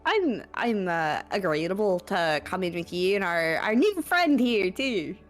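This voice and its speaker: A woman playing in a tabletop game stumbles over her words and repeats herself as she talks. Her voice sits at a middle pitch, with faint music in the background. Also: big pitch swings, a little slow. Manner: hesitant, stammering with repeated words. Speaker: player. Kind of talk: tabletop role-play chat.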